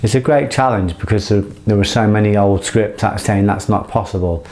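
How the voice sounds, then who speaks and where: A middle-aged man with a fairly low voice speaks in an earnest, impassioned monologue. He swears freely and rambles, often restarting his sentences as he pushes his point. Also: a little fast, few pauses, darkish tone. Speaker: motivational speaker.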